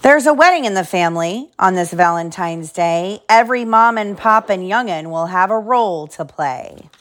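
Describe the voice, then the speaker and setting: A mother reading a picture book aloud to her children, with a sing-song storytelling lilt. Her pitch sits in an ordinary middle range for a woman. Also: lively intonation, normal speed, a bit bright.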